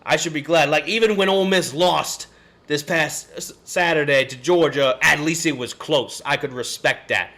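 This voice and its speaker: A man's voice: fairly high pitch, normal speed, bright, forceful tone. Frustrated man ranting about football. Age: 30s. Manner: frustrated, rambling, cursing and sighing. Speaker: podcast host. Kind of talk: live-stream sports rant.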